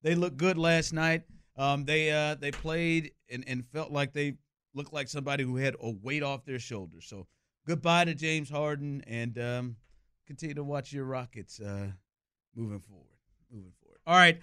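A man's voice: a little high, moderate pace, bright, forceful tone, clean tone, no room sound, studio quality. Upbeat male sports radio host.

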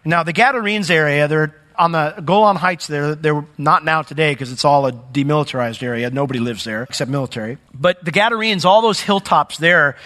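A man preaching a sermon as pastor, telling a story with big swings between loud emphasis and quiet asides. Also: a little high. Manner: animated storytelling with dramatic swings in volume.

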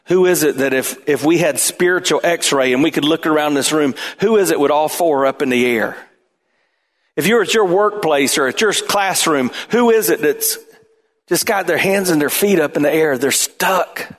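A man pastor preaching a sermon in an animated way, his voice climbing toward near shouts at times. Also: on the high side, unhurried.

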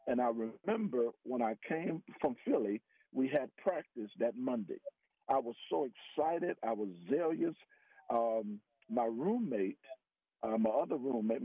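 Male radio guest telling his testimony: husky, earnest, dry close sound. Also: no room sound. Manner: earnest storytelling, rises in pitch for emphasis. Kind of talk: personal testimony. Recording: tinny phone-line radio audio.

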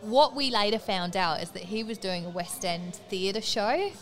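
Woman, animated storyteller, casual chat, laughs a lot, faint music behind. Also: medium pitch, normal speed. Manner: lively anecdote teller, laughs often. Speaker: podcast guest telling a story.

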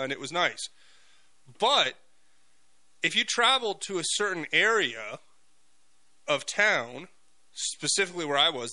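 Bright-voiced male talk radio host. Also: fairly high pitch, low-quality recording. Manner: animated storytelling with frequent fillers and restarts.

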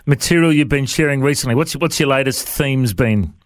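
A man's voice: medium pitch, fairly quick, no room sound. A man hosting an interview, asking rambling questions with repeated words. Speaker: interviewer host.

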